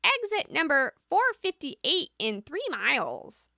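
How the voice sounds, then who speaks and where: A woman's voice: sits high, big pitch swings, slow, vocal fry, bright, forceful tone, no echo, clean studio sound, voice pushed up, heavily acted. A woman putting on a terse, direct parrot voice that gives GPS directions.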